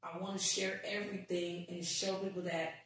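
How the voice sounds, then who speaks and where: Animated woman in an echoey room. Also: lowish voice, moderate pace. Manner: animated, swearing, acts out quotes. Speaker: podcast guest. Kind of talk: casual storytelling chat. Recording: echoey room, distant mic.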